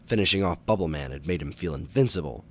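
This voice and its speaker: A man with a very low voice reads a children's adventure book aloud. His storytelling is animated and dramatic, pushing up for exciting moments. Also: fast, slight background noise. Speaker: storybook reader. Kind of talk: audiobook narration for children.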